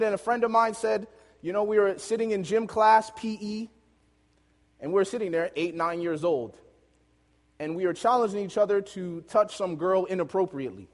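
A male preacher tells a story from the pulpit with lively energy, breaking into laughter along the way. His voice sits a bit higher than most men's, and it rings out into a long, echoing hall. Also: normal speed, long pauses. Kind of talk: storytelling sermon.

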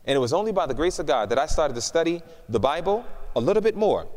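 Lively preacher man in an echoing hall. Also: a little high, fast. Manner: lively storyteller, acts out dialogue. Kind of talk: testimony sermon.

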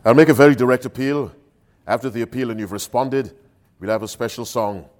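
A man preaching a sermon in an emphatic call-and-response style, swinging between loud appeals and soft asides. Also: mid-range voice, fairly even intonation, brisk.

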